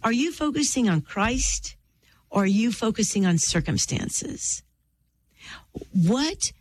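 A woman's voice: lowish voice, slight background noise. Earnest middle-aged woman telling a faith story. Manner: earnest and heartfelt, drawn-out pauses, preacherly. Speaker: author and interview guest.

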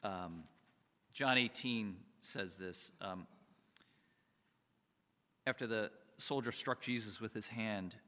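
A man's voice: fairly low pitch, takes it slowly, long pauses, sharp tone. A man giving a conversational sermon as a pastor, often chuckling and asking his listeners rhetorical questions. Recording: reverberant hall.

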